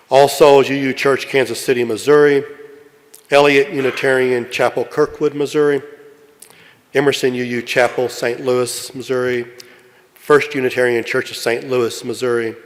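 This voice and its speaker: Man with fillers in a reverberant hall. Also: mid-range voice. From Kentucky. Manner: steady listing with frequent fillers when speaking off-script. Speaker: board president presiding. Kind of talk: formal meeting address, reading a list. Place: large meeting hall.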